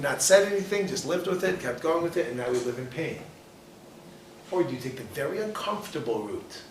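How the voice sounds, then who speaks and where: A man teaching a class as a rabbi, animated and full of rhetorical questions as he acts out quoted people. His voice sits a little high. He is heard from a distance in an echoey room with faint noise behind him. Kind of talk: lively lecture with questions to the audience.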